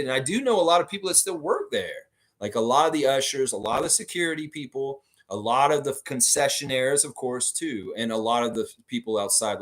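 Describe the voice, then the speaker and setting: Rambling chatty man hosting a livestream. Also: mid-range voice. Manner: rambling, lots of fillers, enthusiastic about chat comments. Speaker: host of a fan livestream. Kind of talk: casual livestream chat answering viewer comments.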